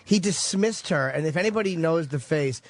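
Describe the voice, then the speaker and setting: Animated male radio host telling stories. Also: on the high side, normal speed. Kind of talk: casual radio chat.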